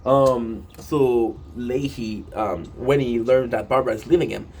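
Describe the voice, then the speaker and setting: A man's voice: medium pitch, fairly even intonation, a little slow, a little mellow. Rambling, swearing man with faint noise. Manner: rambling with many fillers and restarts, swears casually. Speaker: show recapper. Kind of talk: casual rambling recap.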